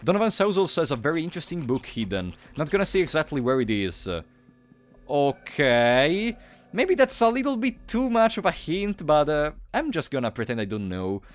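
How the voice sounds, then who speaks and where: A man giving casual live-stream commentary while playing, excitable and quick to thank donors out loud. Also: fairly high pitch, faint music behind. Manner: excitable, thanks donors loudly, restarts often.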